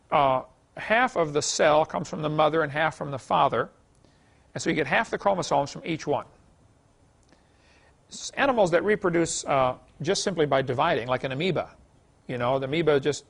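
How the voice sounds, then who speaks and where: Folksy lecturing man with a gravelly voice. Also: fairly high pitch. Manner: anecdotal, chuckling, many "you know"s.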